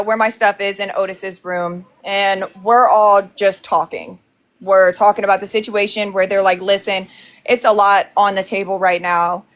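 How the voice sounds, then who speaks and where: A woman's voice: mid-range voice, a bit bright. A woman casually recounting a heated fight with many fillers and restarts. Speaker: guest telling her side.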